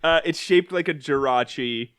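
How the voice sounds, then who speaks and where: A man's voice: on the high side, moderate pace, clear, resonant tone. A man on a casual comedy podcast, retelling a cartoon plot with lots of laughter. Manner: animated, laughs often while retelling scenes. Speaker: podcast co-host.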